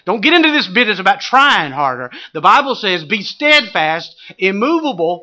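Male pastor, middle-aged, high lively voice, bright tone, jokey storytelling that swells into fiery preaching. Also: normal speed, few pauses. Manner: animated, humorous storytelling that builds to shouted exhortation. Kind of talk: sermon with personal anecdotes.

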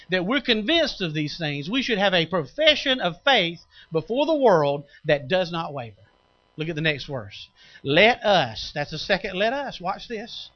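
A man preaching a sermon, swinging from booming calls to quiet, intimate asides. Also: lo-fi sound. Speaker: pastor.

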